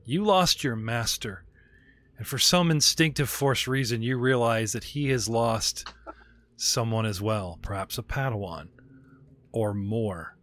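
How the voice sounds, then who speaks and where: A man serving as game master for a tabletop role-playing session, describing scenes and asking for rolls. He is animated, laughs easily, and drops into quick voices for minor characters. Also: mid-range voice. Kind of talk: narrating a tabletop game over video call. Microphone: video call.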